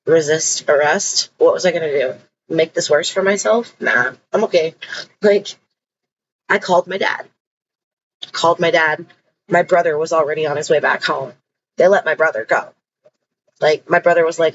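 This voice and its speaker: A woman's voice: sits low, normal speed, pauses often, lo-fi sound, a little hiss or hum. A woman telling her own story in a casual, blunt and emphatic way, swearing freely.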